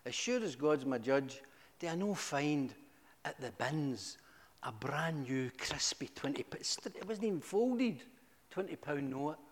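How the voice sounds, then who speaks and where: A middle-aged man giving a humorous, animated testimony to a church, with sudden high exclamations. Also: unhurried. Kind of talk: storytelling testimony. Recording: echoey hall.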